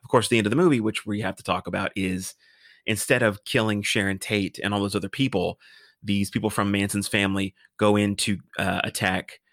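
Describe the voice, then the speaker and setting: A man's voice: lowish voice, fairly even intonation, a little fast, a bit bright, dry recording, studio quality. A man co-hosting a podcast, talking casually about a film with hesitant restarts. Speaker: podcast co-host.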